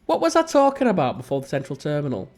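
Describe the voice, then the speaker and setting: A man's voice: fairly high pitch, huge pitch swings, fast, a little mellow. A man with a Northern English accent, hosting a strategy game let's play with rambling, self-mocking commentary. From England. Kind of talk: casual gameplay commentary.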